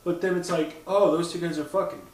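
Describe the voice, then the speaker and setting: A man chatting casually on a podcast, animated and profane, often mimicking voices as he talks. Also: on the high side, a little fast, recorded from a distance. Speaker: podcast co-host. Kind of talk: casual chat. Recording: roomy, off-mic sound.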